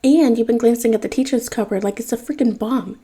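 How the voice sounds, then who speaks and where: A woman's voice: fairly high pitch, brisk, dark tone, breathy edge. A woman voicing a prying teenage boy who questions his friend in a dry, insistent way.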